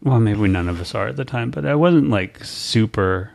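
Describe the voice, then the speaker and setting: A low-pitched man with a gravelly, fry-laden voice, sharing a story on a podcast. He rambles and stalls, with plenty of "um"s and false starts. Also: expressive, darkish tone. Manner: rambling, halting, many fillers and restarts. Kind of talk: casual podcast chat.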